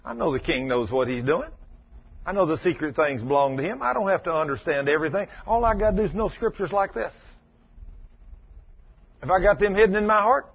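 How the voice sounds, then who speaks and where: A man preaching a sermon, telling stories in a fervent, animated way with a husky voice. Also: high-pitched, fairly quick, muffled recording.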